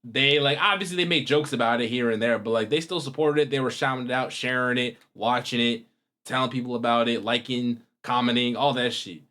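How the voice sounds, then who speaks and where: A man's voice: mid-range voice, fairly quick. A young man hosting a reaction video, talking casually to his viewers in a rambling, slangy way. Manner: rambling, slangy, animated with wide swings in loudness.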